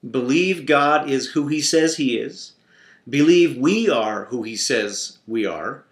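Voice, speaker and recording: A man's voice: mid-range voice, slow. A man teaching a Christian devotional through a playful family story. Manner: warm, playful, expressive storyteller. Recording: roomy echo.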